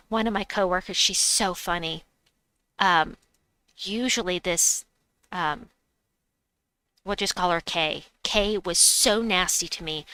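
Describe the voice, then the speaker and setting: A woman chats casually to her stream audience while playing, telling a long personal story and reading viewer messages aloud. Her voice is bright and smooth, captured close and dry at a home desk mic. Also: lowish voice, no room sound, low-quality recording. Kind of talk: casual chat.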